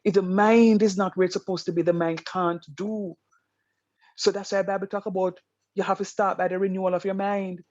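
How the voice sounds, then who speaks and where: A man's voice: sits high, brisk, dry recording, muffled recording. A man teaching a math class over a video call, telling stories with emphasis before explaining rules. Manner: animated storytelling, emphatic. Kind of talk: online math lesson.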